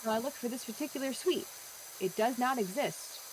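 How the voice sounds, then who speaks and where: A woman's voice: fairly high pitch, fairly quick, noisy background. A young woman with an American accent, streaming and telling a story in casual chat, acting out the voices she quotes. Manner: animated, acts out quoted voices.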